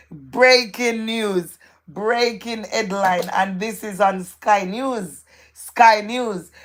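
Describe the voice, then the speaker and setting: A woman hosting a live stream, reading viewers' comments aloud in a playful, gossipy way and repeating phrases for emphasis. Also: mid-range voice.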